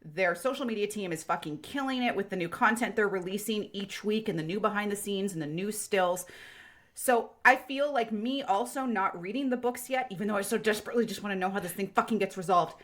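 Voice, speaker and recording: A woman hosting a podcast in casual, animated chat, swearing freely and acting out quotes. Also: medium pitch, brisk. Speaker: podcast host.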